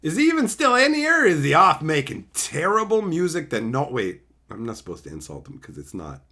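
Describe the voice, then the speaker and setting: A man's voice: on the high side, brisk. A man live-streaming as he opens card packs, chatting casually and hurling profane, mock insults with frequent laughs. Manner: excitable, laughs often.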